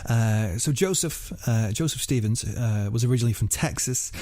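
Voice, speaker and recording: A man's voice: medium pitch, moderate pace, warm tone, no echo. A young man hosting a podcast, telling a true-crime case in a casual, swearing way with many fillers. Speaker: podcast host.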